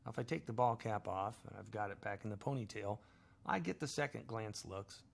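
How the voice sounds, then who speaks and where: A man's voice: lowish voice, fairly quick, vocal fry. A middle-aged man hosting a talk radio show, telling a long story in a wry, self-mocking way. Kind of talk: storytelling monologue.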